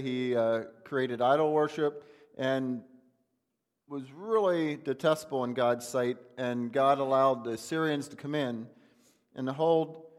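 A man preaches in a plain, conversational, folksy way, asking question after question of the people in front of him. His voice sits at a middle pitch, and the long reverb of a church hall trails after each phrase. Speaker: pastor. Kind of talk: sermon.

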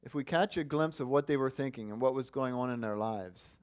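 A man's voice: mid-range voice, a little fast, a little mellow. A man preaching a sermon, earnest and asking his listeners questions. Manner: earnest, asks the congregation questions. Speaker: pastor.

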